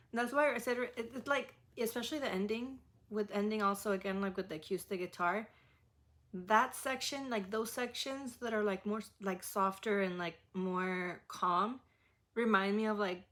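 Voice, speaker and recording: A woman's voice: medium pitch, fairly bright tone. A woman giving a casual music reaction, gushing and rambling with many fillers. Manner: gushing, rambling, heavy use of "like". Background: faint song playing.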